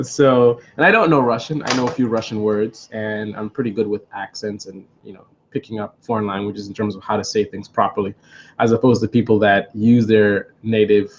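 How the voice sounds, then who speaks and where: A man's voice: fairly low pitch, highs cut off, a little hiss or hum. Rambling man telling a storytime. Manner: rambling, hesitant, many fillers and restarts. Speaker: vlogger on a live stream. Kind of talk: storytime monologue.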